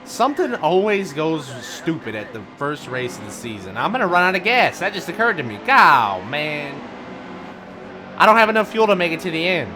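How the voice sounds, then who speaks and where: A man giving live commentary on a racing game, grumbling and ranting, swinging from low muttering to loud outbursts. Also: sing-song, moderate pace. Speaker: gaming video host. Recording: game engine noise behind voice. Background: racing game car sounds.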